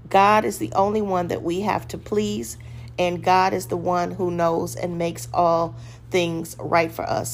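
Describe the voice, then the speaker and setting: A woman with a fairly low voice delivers a short devotional sermon, firm and exhorting. She drives her points home with short, repeated commands. A faint hum sits under the recording. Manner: acts out a weak, hesitant voice when giving examples. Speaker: devotional podcast host.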